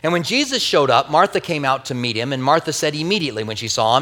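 A man's voice: a little high, lively intonation, fast talker, bright, forceful tone. A man preaching a sermon as a pastor, telling a Bible story earnestly with wry asides and a tender, grieving personal tone. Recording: long hall reverb.

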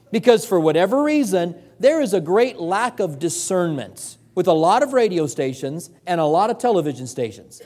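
A man's voice: sits high, darkish tone, big-room sound. A man preaching a sermon as pastor, earnest and conversational, repeating points for emphasis.

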